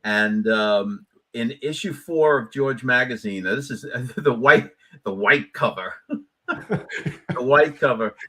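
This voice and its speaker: Bright-voiced animated male co-host. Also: medium pitch, slow, husky. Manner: animated, repeats words, jokey. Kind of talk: casual live-stream chat.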